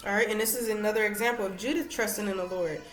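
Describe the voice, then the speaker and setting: A woman's voice: medium pitch, steady tone, fast. Woman teaching scripture in an echoey room. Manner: conversational, reads verses aloud, frequent "all right". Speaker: women's Bible study teacher.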